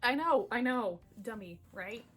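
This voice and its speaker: A young woman telling a funny story to camera in a casual vlog, animated and laughing between lines. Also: a little high, measured pace. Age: young adult. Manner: animated, laughs through the story, chatty asides. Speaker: vlogger. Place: bedroom at home. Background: soft background music.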